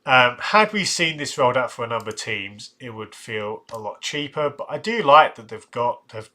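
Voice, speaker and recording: A man's voice: mid-range voice, expressive, moderate pace, sharp tone. A man hosting a casual live stream, thinking aloud with restarts and asides. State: tired, yawning. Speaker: live-stream host ranking football shirts.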